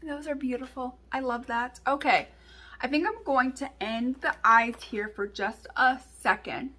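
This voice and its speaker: Young woman, beauty vlogger, bright and a touch husky, rambling and chatty with many fillers. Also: high-pitched, a little slow. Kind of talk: casual storytelling and makeup tutorial.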